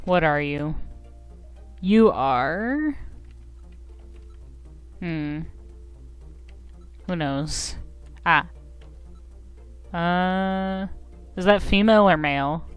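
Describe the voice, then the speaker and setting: Giggly slow-talking woman streamer. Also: on the low side, animated, clean tone, faint music behind. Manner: giggly, goofy, self-mocking. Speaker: game streamer. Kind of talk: casual live game commentary.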